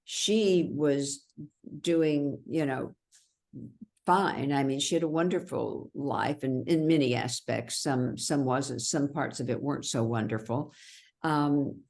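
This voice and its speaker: A woman's voice: extremely low pitch, slow, vocal fry, darkish tone. A woman being interviewed about her memoir, speaking earnestly and reflectively, often stopping and restarting her sentences. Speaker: interview guest, memoir author. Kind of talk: conversational interview.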